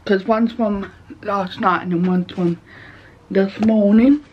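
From her bedroom, a woman vlogger wanders casually from subject to subject in a slow, steady, mid-range voice. The dull lo-fi home recording carries slight background noise.

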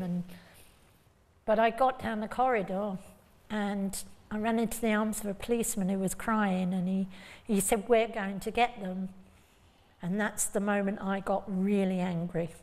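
A woman earnestly recounting a painful personal memory as an interview guest. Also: mid-range voice. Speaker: bereaved mother, interview guest. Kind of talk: personal testimony. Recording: long hall reverb.

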